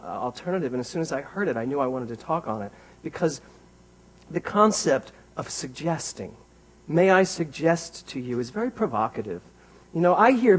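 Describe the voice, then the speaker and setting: A man giving a conversational sermon as a minister in a church, animated and wry, talking straight to his congregation. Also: a little high, slightly rough, poor audio.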